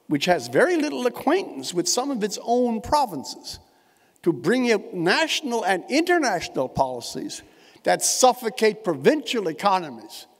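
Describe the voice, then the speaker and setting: A man, giving a humorous keynote speech in a wordy, witty storytelling manner, with dry and elaborate phrasing. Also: high voice. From Newfoundland, Canada. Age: 70s. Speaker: keynote speaker. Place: large indoor conference hall. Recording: echoey hall, long reverb.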